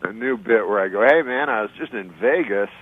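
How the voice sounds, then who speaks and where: A man, a stand-up comedian, chatting casually in a dry deadpan way, pausing often with "uh". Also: lowish voice, no room sound, narrow, tinny audio. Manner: deadpan, halting with many uh pauses. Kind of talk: casual chat between comedians.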